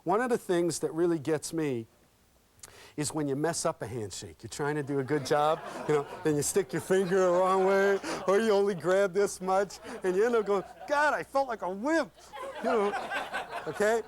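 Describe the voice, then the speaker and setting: A man leading an interview skills workshop, talking in a lively, interactive way and acting out examples with his audience. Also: a little high, normal speed. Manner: lively and interactive, checks in with "okay?" constantly; folksy and animated, acts out examples. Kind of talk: live workshop talk with role-play demonstrations.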